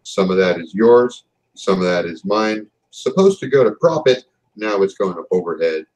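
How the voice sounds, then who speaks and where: A man's voice: low-pitched, animated, darkish tone, poor audio. A man voicing a wry, stern company boss. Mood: businesslike. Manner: measured, businesslike, hesitant with fillers.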